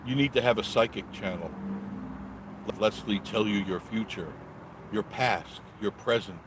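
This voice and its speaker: Chatty, joking low-voiced man. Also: moderate pace, noisy background. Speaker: vlogger reading live chat. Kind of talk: casual live-stream chat while driving. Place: in a car on the road.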